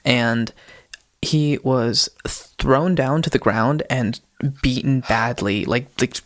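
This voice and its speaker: A man's voice: medium pitch, takes it slowly, a bit bright. A man co-hosting a casual podcast, retelling a ghost video in a rambling way, often stopping to correct himself and giggling. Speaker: podcast co-host.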